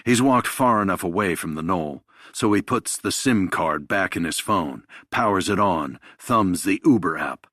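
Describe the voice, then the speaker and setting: A man narrating a thriller audiobook in a measured, even storytelling manner. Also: low voice, no room sound, studio quality.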